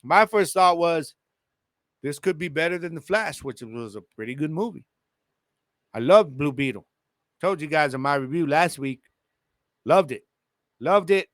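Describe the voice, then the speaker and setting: A man hosting a casual solo podcast with a Chicano English accent, talking to his listeners in a lively, slangy way. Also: a little high, unhurried, pauses often, no echo, studio quality. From El Paso, Texas. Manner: animated, slangy, addresses listeners directly. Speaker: podcast host.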